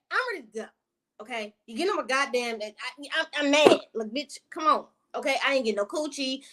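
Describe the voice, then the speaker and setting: A woman vlogger spins a casual storytime in a fairly high voice. She curses freely, piles on slangy asides and sounds thoroughly exasperated. Now and then she breaks off to greet her viewers. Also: fairly bright tone.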